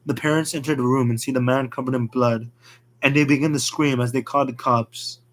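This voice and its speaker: A man narrating an amateur horror story in a plain, hurried reading with small slips. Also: mid-range voice, fairly even intonation.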